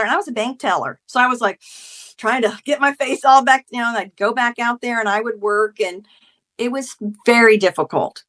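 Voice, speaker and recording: A woman in her forties, a guest author and mother, telling her story with feeling and acting out quoted arguments. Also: a little high. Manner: heartfelt, animated storytelling, acts out quoted arguments. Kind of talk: emotional conversational interview.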